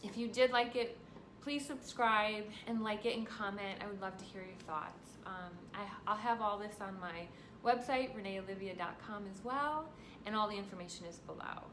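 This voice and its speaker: A woman's voice: mid-range voice, normal speed. Woman, 40s, casual vlogger, chatty and earnest, roomy echo, faint hiss. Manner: chatty, earnest, with many fillers. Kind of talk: casual talking-to-camera vlog. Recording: echoey room with faint noise.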